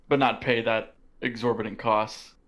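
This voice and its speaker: A man's voice: medium pitch, level tone, moderate pace, fairly bright tone. A man who is a guest on a casual live stream, talking in a playful, teasing way. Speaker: guest co-host.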